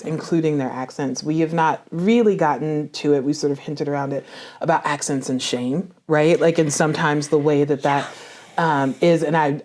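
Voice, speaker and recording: A woman from South Carolina, an English professor, speaking earnestly in a relaxed discussion and often affirming the other speakers. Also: low-pitched. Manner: earnest, affirming with frequent backchannels. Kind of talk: casual discussion.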